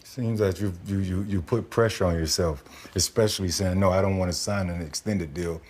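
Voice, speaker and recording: A man hosting a podcast interview, asking long, deliberate questions and stressing his points, with some stumbles. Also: low-pitched, fairly even intonation, a little mellow. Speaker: podcast host.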